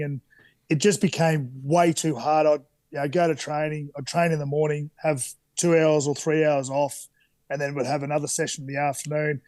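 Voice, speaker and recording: Relaxed Australian man telling stories. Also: a little high, no echo. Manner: relaxed, candid anecdotes with many fillers. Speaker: podcast guest. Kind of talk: casual storytelling interview.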